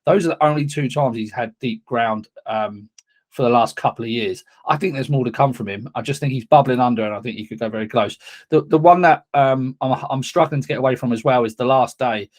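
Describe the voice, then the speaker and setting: Male racing tipster, mid-pitched, halting casual delivery. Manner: hesitant, restarts often. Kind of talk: casual podcast chat.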